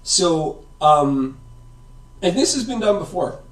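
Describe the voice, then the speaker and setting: Slow, rambling man explaining science. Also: a little high, very animated. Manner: rambling, keeps asking "right?" and "okay?". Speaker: science video host. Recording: roomy echo, far from the mic.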